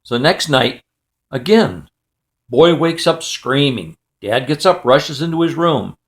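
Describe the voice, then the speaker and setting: A man's voice: medium pitch, lively intonation, slow. A man telling a joke as a story in a clipped, matter-of-fact way, often dropping the subject of a sentence.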